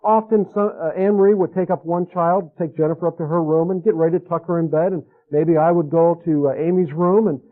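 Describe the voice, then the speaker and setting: A man's voice: on the high side, fairly even intonation, a little fast, hardly any pauses. A man giving an earnest radio sermon to fathers, pressing his points and repeating key phrases. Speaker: speaker teaching fathers. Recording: tinny phone-like radio audio.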